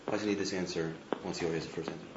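A man in a study group reading the text aloud in quick runs and raising questions. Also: low-pitched, steady tone. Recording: roomy, muffled, noisy room recording.

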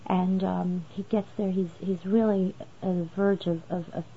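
A woman's voice: on the low side, steady tone, normal speed, a little hiss or hum. Woman teaching a religious lesson, muffled. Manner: explanatory, asks rhetorical questions. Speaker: Torah teacher.

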